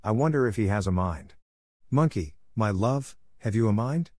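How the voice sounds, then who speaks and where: A man voicing a gentle, hopeful young girl who speaks in an earnest, tender and polite way. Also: lowish voice, lively intonation, normal speed, no room sound, clean studio sound. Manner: earnest and tender, softly affectionate.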